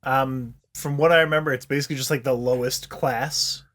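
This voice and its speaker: A man's voice: medium pitch, steady tone, a little fast, a bit bright. A man co-hosting a podcast, chiming in with dry, hesitant remarks. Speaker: podcast co-host. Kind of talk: casual chat.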